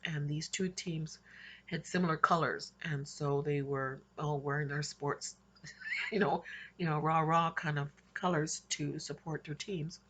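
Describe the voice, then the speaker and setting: Woman with a deep breathy voice rambling through a dream story, keeps restarting, chuckles a lot. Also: unhurried, fairly bright tone. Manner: rambling, with frequent restarts and small laughs. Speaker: Christian vlogger recounting dreams. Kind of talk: casual spoken storytelling.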